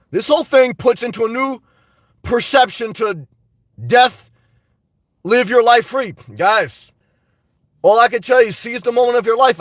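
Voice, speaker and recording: A high-pitched man talks casually to his live-stream viewers, rambling as he reads their comments back and answers them bluntly. A dry cough keeps breaking through. The sound is dry, with the mic set a little away from him. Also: fairly bright tone, dry recording, far from the mic. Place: inside a car.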